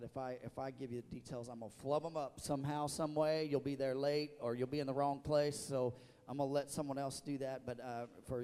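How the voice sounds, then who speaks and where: A man preaches from the pulpit, emotional, with frequent restarts and stammers. His voice sits at a middle pitch. It rings out with the long reverb of a church hall. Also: warm tone. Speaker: pastor. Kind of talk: sermon. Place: church sanctuary.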